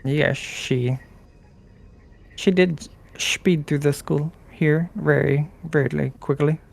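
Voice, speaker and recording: Slow-talking, gravelly game master, a man. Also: a little high, fairly even intonation. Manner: slow, halting narration. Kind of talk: narrating a tabletop game.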